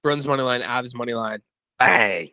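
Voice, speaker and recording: Here the co-host's medium-pitched voice comes across bright and forceful at a normal speed, recorded with no echo on rough audio. He's in casual betting talk on the podcast, rambling about his picks and correcting himself along the way.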